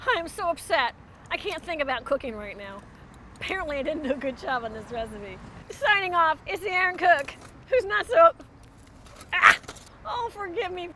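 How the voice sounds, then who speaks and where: A woman's voice: high-pitched, big pitch swings, brisk, background noise. A woman hosting a comedic cooking show, talking in a theatrical, melodramatic way that swings into rants. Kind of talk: mock-dramatic comedy cooking monologue.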